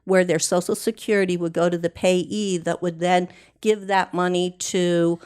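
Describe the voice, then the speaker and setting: A woman, a guest, telling a personal story slowly, deliberately and earnestly. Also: fairly low pitch, flat delivery, a little mellow, smooth.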